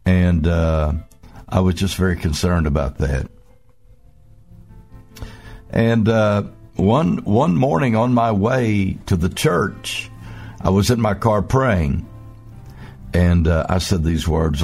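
A man giving a devotional message as a minister, earnest and halting, pausing often on fillers. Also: deep voice, animated, a little mellow, soft background music.

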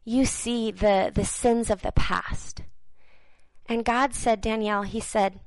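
Woman minister giving prophetic words online, earnest, halting, repeats stuff, goes soft and whispery, dry close sound. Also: on the high side, steady tone, no echo, rough recording.

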